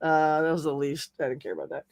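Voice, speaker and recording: A man's voice: a little high, animated, fast talker, creaky, no echo. A man hosting a casual live chat show, rambling in a friendly, talkative way as he answers viewer comments. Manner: rambling, chatty, friendly, with frequent fillers and laughs. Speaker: host.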